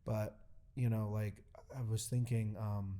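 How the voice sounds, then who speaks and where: A male pastor chatting on a church podcast. His voice sounds mellow and dark. He tells his stories haltingly, with fillers and restarts, and plays out the quoted lines with growing excitement. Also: fairly low pitch. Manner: animated storytelling, acts out quoted dialogue. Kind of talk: casual podcast chat.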